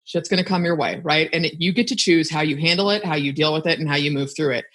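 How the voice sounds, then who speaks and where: A woman's voice: deep voice, fast talker, fairly bright tone. A woman guest on a podcast, talking frankly and emphatically about her work in a casual chat. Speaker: podcast guest, content creator.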